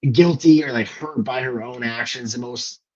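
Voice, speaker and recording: A man's voice: mid-range voice, normal speed, a little mellow. Rambling man on slightly dull audio. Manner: rambling, hesitant, searching for words. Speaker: podcast co-host. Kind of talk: casual film discussion.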